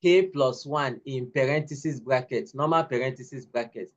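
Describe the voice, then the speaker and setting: A man's voice: medium pitch, normal speed, dull audio. A man tutoring a pupil in coding, giving patient step-by-step instructions and repeating himself. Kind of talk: one-on-one online coding lesson.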